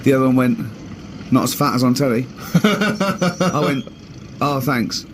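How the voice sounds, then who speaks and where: A man's voice: mid-range voice, expressive, a little slow, slight background noise. Teasing man in podcast banter. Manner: teasing, sarcastic. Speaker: co-host.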